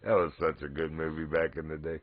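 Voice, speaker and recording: Middle-aged guy chatting on stream, deep gravelly voice, muffled dry audio. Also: level tone, a little fast. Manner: laughs often, easygoing storytelling. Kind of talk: casual gaming chat.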